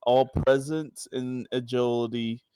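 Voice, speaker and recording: Matter-of-fact male player, mid pitch, slow delivery. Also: steady tone, warm tone, smooth, dry recording. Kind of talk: casual tabletop play.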